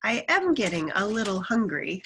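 A woman's voice: mid-range voice, very animated, normal speed, a little hiss or hum, poor audio. Woman doing a vain, boastful tiger. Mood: smug. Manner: boastful, grows loud when upset. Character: proud, vain, hungry male tiger.

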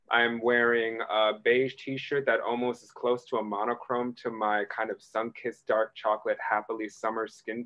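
Low-pitched speaker, halting with fillers, muffled video call sound. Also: male voice, a bit bright. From Queens, New York. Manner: thoughtful, halting with many fillers. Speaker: panel artist. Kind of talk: online panel introduction. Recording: dull lo-fi video call audio.

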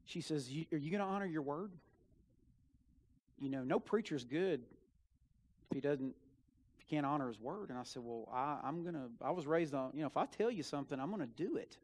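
A young male student minister with a fairly high voice tells a personal story from the pulpit. He slips from hushed asides into loud, emphatic bursts as he drives his points home. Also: lively intonation, a little fast. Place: church sanctuary.

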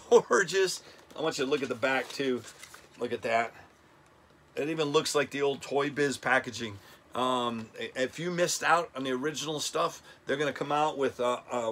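A man's voice: mid-range voice, a bit bright, slight background noise. A middle-aged man hosting a casual toy countdown vlog, enthusiastic and chatty, often stumbling over names. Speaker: toy review channel host.

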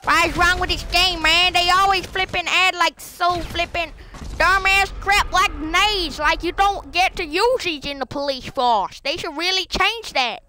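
Squeaky, sharp-toned troll playing a cop as a gamer puts it on, mocking and repetitive, headset chat with faint gunfire behind. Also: unhurried, a little hiss or hum, heavily acted. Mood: taunting. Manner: taunting, mocking, repetitive insults. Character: squeaky bratty self-proclaimed old policeman. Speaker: online game troller.

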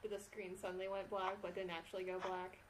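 A woman's voice: on the low side, flat delivery, quick pace, noisy background. A woman chatting casually with a friend during a let's play, asking curious questions. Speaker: co-host friend. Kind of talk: casual chat. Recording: game music behind.

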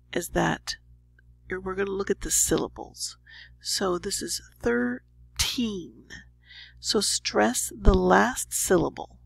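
A woman's voice: mid-range voice, vocal fry, a bit bright, slightly rough, no room sound, rough recording. A woman English teacher casually explaining a pronunciation lesson, sometimes dropping into a whisper.

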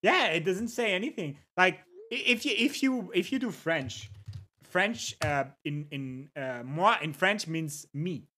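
Relaxed and unhurried, a livestreamer muses aloud over a desk microphone in medium pitch. Viewer names from chat get read out and greeted in passing, and amusing words get said again for the fun of it.

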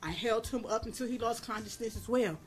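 A woman's voice: on the high side, brisk, faint music behind. A woman testifying in a courtroom, blunt and profane, raising her voice when she re-enacts what was said. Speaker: defendant at a plea hearing.

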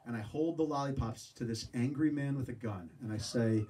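Animated man telling a story off-mic. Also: medium pitch, a little slow, recorded from a distance, heavy background noise. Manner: animated, self-mocking storyteller who acts out voices. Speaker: speaker telling a story to a live audience. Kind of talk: storytelling talk. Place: room with a live audience.

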